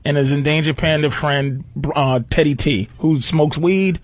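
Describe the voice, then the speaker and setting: A man co-hosting a podcast, telling stories in an animated, profane way. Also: on the high side, measured pace, dry recording. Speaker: podcast co-host. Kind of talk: casual chat.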